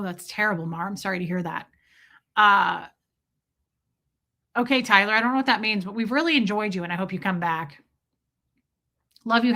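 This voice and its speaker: Bright-voiced animated woman streamer. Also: mid-range voice. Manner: animated storytelling, reads out viewer names. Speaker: livestream host. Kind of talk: casual livestream chat.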